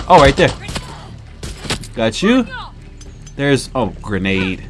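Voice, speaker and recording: A man casually commenting on his own gameplay, chatty and breaking into loud excited yelps. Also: mid-range voice, takes it slowly, over music. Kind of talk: casual let's-play commentary.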